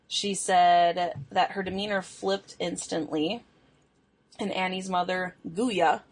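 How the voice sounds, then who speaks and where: A young woman co-hosting a podcast, casually telling a true crime case, chatty and quick to laugh. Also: on the low side, steady tone. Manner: chatty storytelling, laughs often, swears. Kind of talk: casual chat.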